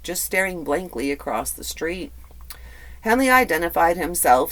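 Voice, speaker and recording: A man's voice: fairly high pitch, a bit bright. A man hosting a true crime podcast, telling the story in a casual, conversational way with blunt, profane asides and lots of fillers. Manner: filler-heavy, repeats words.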